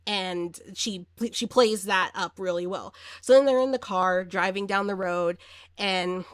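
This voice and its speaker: A woman recaps a horror movie plot in a loose, chatty way, full of fillers and little acted-out bits of dialogue. Her pitch sits in a middling range. The sound is dry and close, with no room echo. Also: measured pace. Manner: chatty and animated, acts out quoted lines, many fillers. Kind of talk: casual spoken movie recap.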